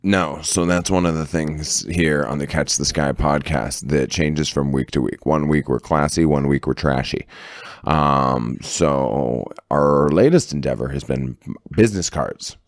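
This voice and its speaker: A man's voice: a bass voice, unhurried, no room sound, clean studio sound. A man co-hosting a casual podcast, talking in a boisterous, swaggering way and swearing freely. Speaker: podcast co-host. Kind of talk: casual chat.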